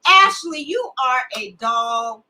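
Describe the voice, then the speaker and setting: A bright, high-voiced woman in her seventies hosting a friendly talk show. She talks in a bubbly, affectionate way, her pitch swinging up and down all through. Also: animated, slow pace, low-quality recording. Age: 70s. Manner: bubbly and affectionate, calls people baby. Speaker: co-host. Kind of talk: casual chat.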